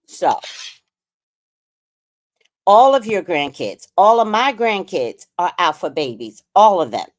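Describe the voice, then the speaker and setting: A middle-aged woman and grandmother hosting a casual livestream chat, talking bluntly with profanity and telling family stories. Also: fairly high pitch. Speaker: livestream host.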